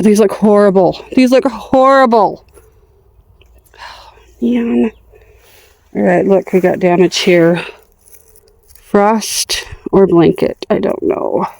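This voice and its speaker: A woman's voice: mid-range voice, a little mellow, no room sound. A middle-aged woman chatting casually as she walks through her garden, talking to her dogs and plants, her voice going in and out. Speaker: gardening vlogger. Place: outdoors in a backyard garden.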